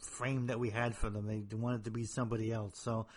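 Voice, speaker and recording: A man's voice: lowish voice, flat delivery, fairly quick. A man co-hosting a casual podcast, speaking in an earnest, reflective way. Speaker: podcast co-host.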